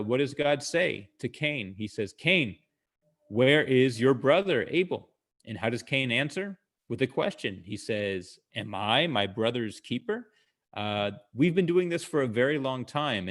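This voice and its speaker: A man talks through jokes and stories in a relaxed, conversational way, recorded over a video call. He pauses on fillers and stops to explain his punchlines, like a comedian teaching an audience. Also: medium pitch. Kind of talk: casual storytelling talk over video call.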